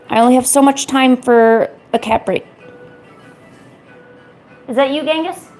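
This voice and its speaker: A young woman streaming, coaxing and teasing her cat in a playful, high-pitched baby-talk voice. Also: measured pace, pauses often, a little mellow, faint music behind. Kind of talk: live-stream chat.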